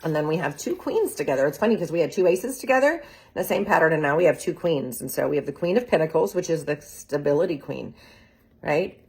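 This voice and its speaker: A woman's voice: low voice, expressive, brisk, a little mellow, slightly rough. A woman giving a chatty, enthusiastic tarot reading, full of "like" and "right?" and laughing often. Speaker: tarot reader. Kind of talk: casual tarot reading video. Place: real estate group's social video.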